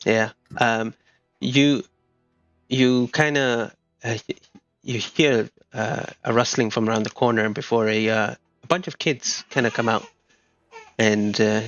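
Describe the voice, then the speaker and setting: Halting, gravel-voiced male game master. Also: mid-range voice, steady tone, a bit bright. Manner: halting, many fillers and restarts. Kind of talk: narrating a tabletop game. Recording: muffled lo-fi mic, faint music.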